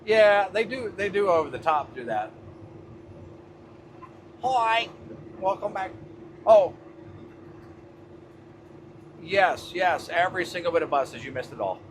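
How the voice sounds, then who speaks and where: A man's voice: high voice, animated, slow pace, long pauses, slight background noise. A man hosting a livestream from his truck cab, talking loosely with his chat and swearing casually as he drives.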